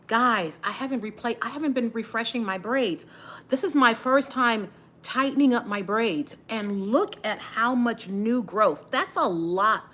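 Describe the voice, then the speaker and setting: A middle-aged woman from Texas livestreams while twisting her braids, chatting casually as she does her hair. Her voice is on the high side, a little slow and fairly bright, and she sighs often while holding back tears.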